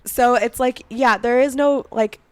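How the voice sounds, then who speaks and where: Chatty woman with a fading, hoarse voice. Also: on the high side, fairly even intonation, a little slow, darkish tone. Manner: chatty, many "like" fillers, indignant asides. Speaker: podcast co-host. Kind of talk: casual chat, telling history.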